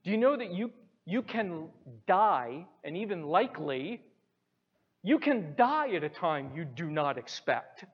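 Male pastor, high voice, emphatic and repetitive sermon delivery, muffled hall recording. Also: very animated, a little slow, breathy edge. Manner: emphatic preaching, repeats phrases for stress. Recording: muffled sound in a reverberant hall.

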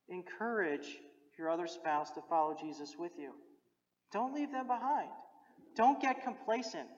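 A preacher giving a sermon who talks directly to the listeners and urges them on, often repeating key phrases. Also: medium pitch. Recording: dull recording with long hall reverb.

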